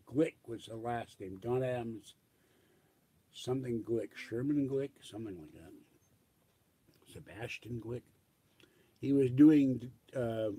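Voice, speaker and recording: An older man with a husky, breathy voice rambles through a casual solo monologue. He drifts from memory to memory and lets his sentences trail off into quiet mumbles. His pitch sits in an ordinary middle range.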